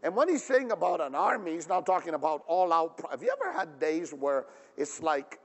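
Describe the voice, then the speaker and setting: A man preaching a sermon as pastor, emphatic and animated, often asking the audience questions. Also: fairly high pitch, fast. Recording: long reverb of a big hall.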